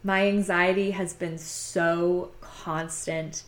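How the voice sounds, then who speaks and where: A young woman with a slightly low voice tells a personal story in a loose, confessional way. Her talk runs on with "like" fillers and small sighs, frank and conversational. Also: steady tone, takes it slowly. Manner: chatty, heavy use of "like" fillers; frank and confiding, sighs between thoughts. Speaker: podcast host telling her own story.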